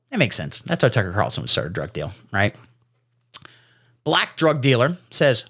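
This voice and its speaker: Sarcastic rambling comedian, lively pitch. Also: male voice, moderate pace, vocal fry, long pauses, slightly rough. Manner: sarcastic, rambling, puts on silly voices for quotes. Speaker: comedy streamer. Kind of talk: satirical commentary reading texts.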